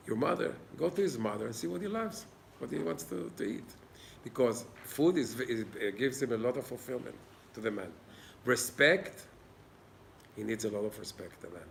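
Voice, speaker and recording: A gravelly, medium-pitched male voice, expressive and at a normal speed, with slight background noise. He is a Torah teacher leading an informal class in an old synagogue, earnest and plain-spoken, and he acts out little dialogues.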